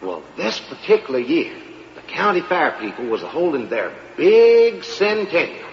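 A man's voice: a little high, big pitch swings, normal speed, a little hiss or hum. A man telling a comic tall tale in a rambling, earnest drawl before an audience. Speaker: comic storyteller. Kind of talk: comic storytelling monologue. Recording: roomy dull live recording.

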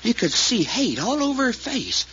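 A man's voice: extremely high pitch, huge pitch swings, normal speed, bright, forceful tone, exaggerated voice. An actor playing a folksy male sidekick who recounts events in a drawl with rural grammar, in 1940s radio acting style. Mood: earnest. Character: folksy adult male sidekick telling what he saw. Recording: lo-fi old radio recording with faint hiss.

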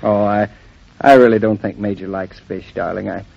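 An actor playing a cheerful young husband who dotes on a big dog, breezy and teasing, in vintage radio drama style. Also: male voice, on the low side, steady tone, moderate pace, creaky. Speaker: husband, an architect. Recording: dull lo-fi old recording.

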